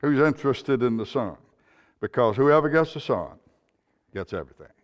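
A man's voice: medium pitch, animated, moderate pace, pauses often. Earnest male preacher in echoing church. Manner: storytelling, earnest. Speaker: pastor. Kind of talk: sermon. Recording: long hall reverb.

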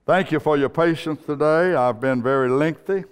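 A man's voice: fairly high pitch, moderate pace, clean tone. A male pastor preaching a sermon in a church, telling a story in an earnest, storytelling manner. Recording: long hall reverb.

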